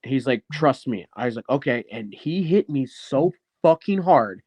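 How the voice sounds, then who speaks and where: A man speaking at a mid-range pitch tells stories in an animated, casual way. He swears freely and acts out what others said. His voice sounds dry and close. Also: unhurried, breathy edge, dry recording. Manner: animated, swears often, acts out quoted dialogue. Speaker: guest, professional wrestler. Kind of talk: casual storytelling interview.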